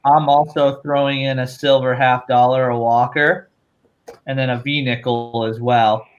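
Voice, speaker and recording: A man's voice: medium pitch, level tone, measured pace, muffled recording. A man hosting a live stream, upbeat, laughing often and reading viewer chat aloud. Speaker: host.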